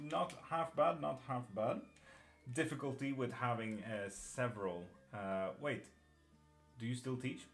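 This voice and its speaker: Streaming tarot live from home in England, this man, originally from Sweden, has a medium-pitched, slightly bright voice and an uneven Irish-British accent. He keeps it casual, laughing and tossing out swear words as he reads messages from viewers.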